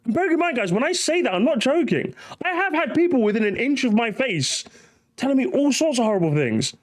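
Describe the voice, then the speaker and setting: High, lively ranting young man. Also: a little fast. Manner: ranting, mocking, profane, laughing. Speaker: commentary host. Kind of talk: reaction commentary.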